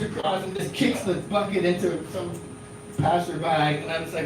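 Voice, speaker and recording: A man's voice: a little high, steady tone, brisk, background noise. A man in his thirties from Florida doing a rambling stand-up comedy set in a small club, full of fillers and restarts. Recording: echoey club from a distant mic.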